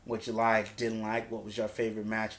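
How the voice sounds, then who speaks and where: A man casually recapping a wrestling event, telling it in an animated way and acting out what the wrestlers said in slang. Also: fairly low pitch, brisk, slight background noise. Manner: animated storytelling, acts out quotes in slang. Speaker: wrestling reviewer.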